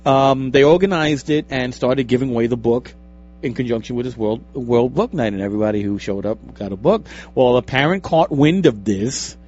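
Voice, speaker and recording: A man from Long Island co-hosting a casual radio chat show, rambling and joking with halting restarts. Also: medium pitch, a little mellow. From Long Island, New York. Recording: dull lo-fi radio recording with faint music.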